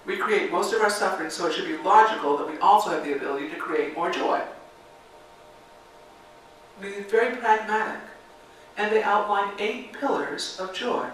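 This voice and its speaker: In a church sanctuary, a woman minister gives a reflective sermon in a mid-range voice at normal speed, pausing often as she leads guided meditation and call-and-response chanting. The mic sits far away in a very echoey space, with slight background noise.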